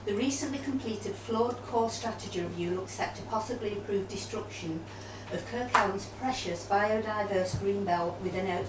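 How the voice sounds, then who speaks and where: A woman in her sixties, a local campaigner putting an earnest, indignant question to a public meeting. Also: medium pitch. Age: 60s. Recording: echoey hall, distant mic, noise.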